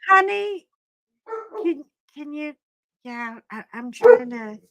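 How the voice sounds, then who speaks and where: A woman's voice: high-pitched, expressive, slow pace, fairly bright tone, poor audio. A woman chatting on a casual live stream who tells stories dramatically and laughs easily. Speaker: guest caller on a live stream.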